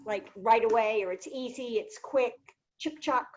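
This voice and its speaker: A woman's voice: fairly high pitch, measured pace, dull audio. A woman on a video call asking questions during a webinar. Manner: asks questions, spells out words. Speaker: webinar participant.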